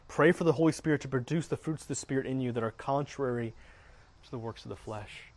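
A man's voice: mid-range voice, fast, a little mellow. A middle-aged man teaching earnestly on faith, often repeating words as he speaks. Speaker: Christian teacher.

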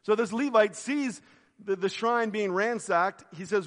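A male pastor delivers a sermon in a church sanctuary, with a voice that sits a little above the usual male pitch. He tells the story vividly, acting out quoted lines and sinking into hushed reflection. The hall's long reverb rings behind his words. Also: unhurried.

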